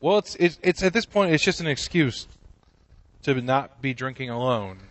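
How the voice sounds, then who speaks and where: A man's voice: medium pitch, expressive, normal speed, no room sound, poor audio. A man co-hosting a comedy podcast, rambling and joking with frequent restarts. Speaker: podcast co-host. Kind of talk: casual comedy chat.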